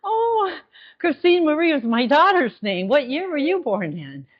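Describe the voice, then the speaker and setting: A woman leading a group session, gentle, encouraging and playful. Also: sits high, sing-song, a little slow, muffled recording. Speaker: workshop facilitator.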